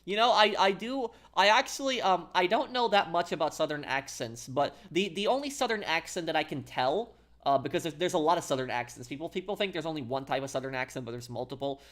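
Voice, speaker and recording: A man's voice: a little high, lively intonation, fairly bright tone. Rambling man chatting on a game stream. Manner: rambling, halting, answers chat aloud. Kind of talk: casual live-stream chat.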